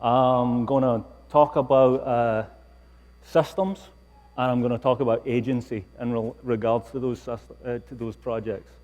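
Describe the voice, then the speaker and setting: A Scottish man gives a lecture in a wry, self-mocking tone. His voice sits at an ordinary middle pitch. It carries a long reverb from a large hall. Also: steady tone, a little slow, darkish tone. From Scotland. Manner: wry, self-deprecating humor. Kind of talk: public lecture.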